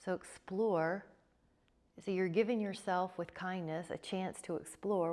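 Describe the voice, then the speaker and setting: A woman teaching a yoga class, giving calm, encouraging cues with repeated prompts to breathe. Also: mid-range voice, measured pace. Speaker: yoga instructor. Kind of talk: guided yoga class instruction.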